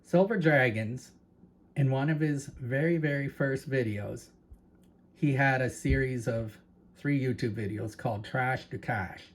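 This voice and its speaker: A Canadian man chats to his viewers in a loose, rambling way, circling back and repeating himself as he goes. His voice sits at an ordinary middle pitch, and his accent stays plain in every line. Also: a little slow. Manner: chatty, rambling, repeats words and asides to viewers. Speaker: channel host. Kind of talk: casual talk to camera.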